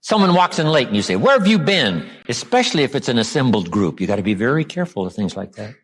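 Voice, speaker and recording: A man from the United States giving a motivational seminar talk, acting out quoted lines and dropping his voice low for emphasis. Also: big pitch swings, racing, breathy edge. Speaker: motivational speaker.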